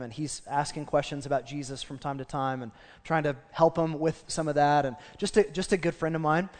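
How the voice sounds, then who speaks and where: A man preaching as a pastor, telling a personal story with animated, self-deprecating humor. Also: on the high side. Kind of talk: sermon. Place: church sanctuary. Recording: long reverb of a church hall.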